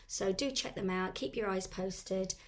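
A woman's voice: mid-range voice, unhurried. A woman hosting a podcast with a sore throat, chatting casually through announcements and stumbling over her words. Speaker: podcast host.

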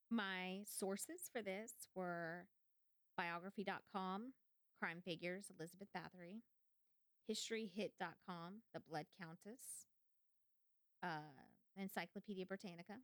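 A woman co-hosting a podcast in casual chat, telling stories with lively acted-out quotes and free swearing. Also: fairly low pitch, slow, long pauses, no echo, clean studio sound. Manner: animated storytelling, swears freely. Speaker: podcast co-host.

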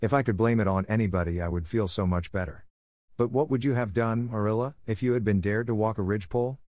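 A man's voice: on the low side, fast talker, darkish tone, dry recording, clean studio sound, lightly acted. A man reading as an earnest, dramatic orphan girl. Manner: earnest, solemn and wordy. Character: imaginative, dramatic orphan girl around eleven.

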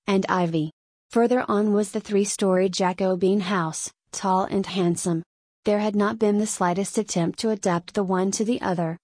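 A woman reading a story aloud in a measured, unhurried scripted narration. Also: medium pitch, darkish tone, no room sound, clean studio sound. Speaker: audiobook reader.

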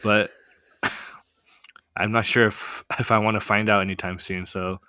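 A young man telling a story in a casual chat, animated and full of fillers. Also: fairly low pitch, a little slow, no echo, studio quality. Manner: animated, many "like" fillers, laughs often. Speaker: podcast guest telling a story.

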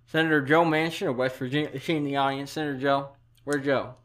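A man's voice: medium pitch, fast, natural voice. A man doing an impression of a rambling elderly president, with a put-on Southern drawl and a mushy sound, as if something is in his mouth. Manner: meandering deadpan jokes, trailing asides. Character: rambling elderly male president, folksy and off-color. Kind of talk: satirical speech impression.

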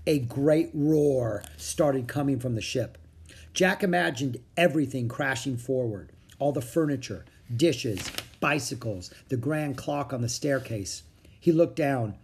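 A reader narrating a children's book in a steady storytelling manner. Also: mid-range voice, unhurried, slight background noise. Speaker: audiobook reader.

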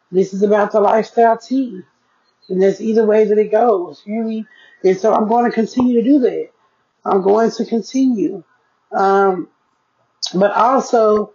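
A woman talking straight to her podcast listeners in a relaxed diary-style chat. She speaks frankly and keeps calling them "y'all". Her voice sits in a middle pitch, and the recording sounds dull and lo-fi. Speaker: podcast host.

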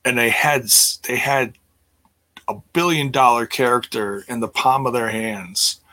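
A man's voice: medium pitch, measured pace, bright, forceful tone. A middle-aged man chatting casually on his livestream, rambling with many fillers and restarts. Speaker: livestream host.

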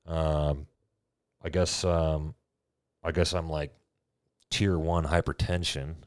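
A man in his twenties casually telling a personal story, animated and acting out the dialogue. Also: very deep voice, slow, dry recording, clean studio sound. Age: 20s. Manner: animated, acts out quoted dialogue.

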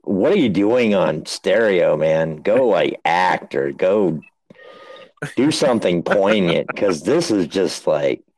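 Easygoing man with a gravelly low voice. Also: expressive, takes it slowly, darkish tone, no echo, low-quality recording. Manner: laughing, easygoing, swears. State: sore throat. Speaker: podcast co-host. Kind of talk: casual chat.

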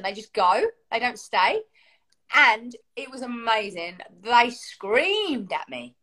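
An English woman, a singer guesting on a show, telling a story in an animated way and acting out other people's lines. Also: high voice. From England.

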